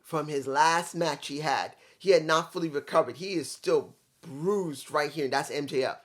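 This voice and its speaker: A man's voice: a little high, moderate pace. A man reviewing a wrestling show in a casual, rambling way, with some swearing and restarts.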